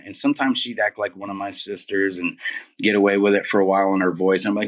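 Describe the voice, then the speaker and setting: A man in his forties, with a fairly low, slightly bright voice at a moderate pace, tells his story as an interview guest. He's casual and emphatic, often throwing in "man" and "dude," and he sounds a bit distant from the mic.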